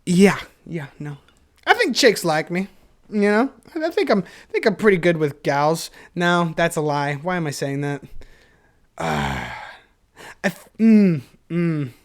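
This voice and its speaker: Young male solo podcaster, higher-pitched, jumpy self-deprecating rambler. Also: a little slow. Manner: energetic, self-deprecating, laughs often. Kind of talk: rambling casual monologue.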